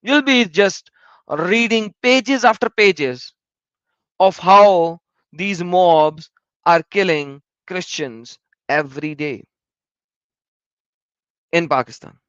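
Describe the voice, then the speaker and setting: A man's voice: sits high, slow, long pauses, a bit bright, clean tone, dry recording. Man, vlogger, emphatic and repetitive, dry close sound, muffled lo-fi audio. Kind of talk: commentary while reading search results.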